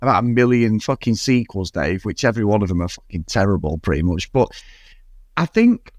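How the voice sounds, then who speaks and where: A man's voice: lowish voice, big pitch swings, a little fast, darkish tone, no echo, clean studio sound. A man with a Mancunian accent co-hosting a casual podcast chat, ranting and swearing freely as he goes off on tangents. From Manchester area, England. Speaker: podcast co-host.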